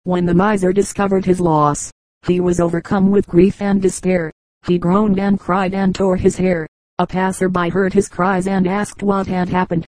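Measured fable narrator, dry close voice. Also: medium pitch, flat delivery, a little mellow, no room sound, low-quality recording. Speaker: audiobook narrator.

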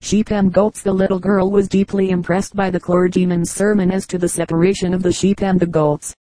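A woman reads short humorous stories aloud in an even, steady audiobook manner. Her voice is mellow and warm rather than bright. The recording is close and dry, with no room sound. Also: fairly low pitch, brisk, dry recording, poor audio. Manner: steady storytelling read. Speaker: audiobook reader. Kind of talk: scripted narration.

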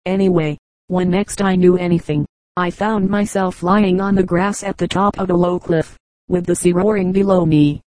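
A woman reading the part of a quiet, terse old boatman in a storybook, telling his tale slowly. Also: lowish voice, no room sound, close to an everyday voice, rough recording.

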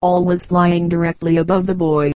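Calm, even-voiced woman reading folk tales. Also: on the low side, normal speed, no echo, rough recording. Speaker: audiobook reader. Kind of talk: scripted narration of folk tales.

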